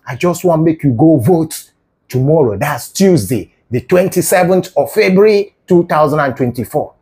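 A man voicing a calm, reassuring older male prime minister on a phone call, speaking in a hushed, patronizing way with Nigerian Pidgin-inflected English. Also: high voice.

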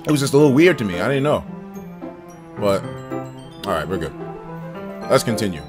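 A man streaming a video game, talking excitably and swearing often as he plays. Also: on the low side, fairly quick, over music. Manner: excitable, profane, laughing. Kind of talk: let's play commentary.

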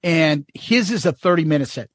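A man's voice: on the high side, lively intonation, normal speed, dry recording, clean studio sound. A middle-aged man co-hosting a casual podcast chat. He laughs often and acts out the bits he talks about. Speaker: podcast co-host.

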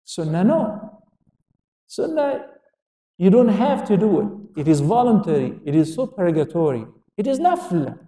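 A man's voice: high voice, very animated, normal speed, mellow. Man lecturing in an echoey hall. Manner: questions the audience and answers himself; switches into Arabic quotations. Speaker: Islamic lecturer. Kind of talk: religious lecture to an audience. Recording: echoey hall, speaker far from mic.

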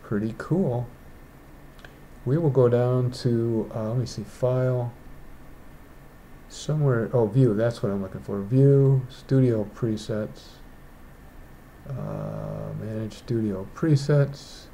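Digital artist, male, mellow tone; meandering, talks to himself while working. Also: medium pitch, animated, takes it slowly, long pauses, a little hiss or hum. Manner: rambling, thinks aloud. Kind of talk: casual painting tutorial. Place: indoors, rain outside.

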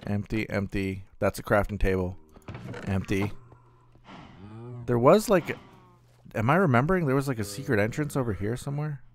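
Guy rambling as he plays a game, lots of ums and half-finished thoughts, mid-pitched voice. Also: expressive, moderate pace, long pauses, a little hiss or hum. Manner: rambling, thinking aloud with many fillers. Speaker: gaming channel host. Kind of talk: casual gameplay commentary.

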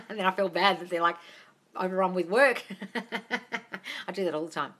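A woman answers viewer questions on a live phone stream with a bright, forward voice. She is blunt and swears freely, calling everyone darling. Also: fairly low pitch, normal speed, pauses often, husky. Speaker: manifestation coach hosting a live Q&A.

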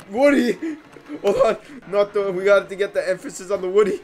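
A young man hosting a reaction video, talking back to the screen with excitable outbursts and mumbled asides. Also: high voice, a little fast. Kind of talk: casual reaction commentary.

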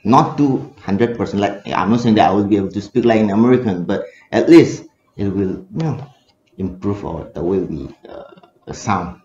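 A man's voice: on the low side, animated, moderate pace, darkish tone, slight background noise. A man with a Manipuri English accent, a research scholar answering in a seminar discussion, talking hesitantly with many fillers and restarts. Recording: echoey room, dull lo-fi sound.

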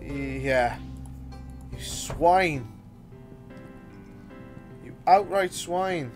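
A man's voice: on the high side, very slow, faint music behind. A man giving casual gameplay commentary, exasperated and theatrical, grumbling and throwing mock insults.

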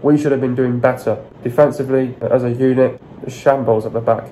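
A man's voice: mid-range voice, steady tone, fairly quick, mellow, slight background noise, poor audio. A man giving a frustrated match analysis on his vlog, blunt, sweary and repeating his complaints. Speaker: football fan vlogger.

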